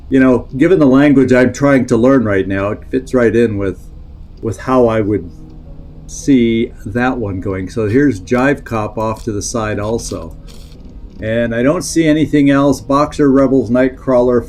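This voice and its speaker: A man's voice: mid-range voice, a little mellow. Man thinking aloud over a strategy game. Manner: thinking aloud, reading in-game text, answering chat. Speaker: streamer playing a strategy game. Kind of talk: live-stream gameplay commentary.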